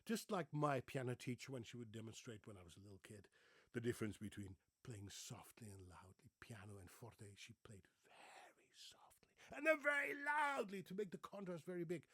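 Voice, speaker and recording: A man's voice: medium pitch, moderate pace, slightly rough, dry recording. A middle-aged man from the Netherlands with a Dutch accent, a former radio newsreader, talking casually and animatedly to camera on his own channel. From Netherlands (Friesland). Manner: animated, playful, exaggerated rolled R demonstrations.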